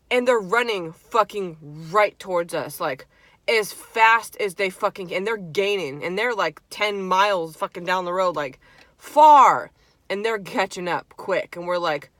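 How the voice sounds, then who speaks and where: A young woman vlogger telling a spooky story in casual chat, animated and swearing freely. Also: medium pitch, no room sound. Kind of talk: casual storytime while eating.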